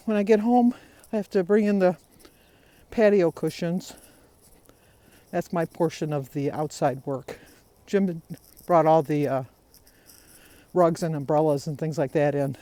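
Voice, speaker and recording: A woman's voice: deep voice, unhurried, pauses often, mellow. A woman vlogger talking casually to her viewers in a rambling, chatty way. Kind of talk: casual vlog chat.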